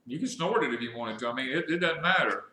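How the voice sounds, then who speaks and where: Joking man, very bright voice. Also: mid-range voice, animated, fast, roomy sound. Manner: joking, reads viewer comments aloud. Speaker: homestead channel co-host. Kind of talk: live stream chat.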